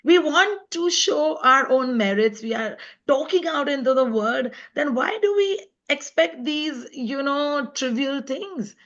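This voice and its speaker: A woman's voice: high-pitched, expressive, unhurried, hardly any pauses, fairly bright tone. Woman, guest author, earnest, emphatic, dull lo-fi call audio. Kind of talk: live online talk. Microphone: video call.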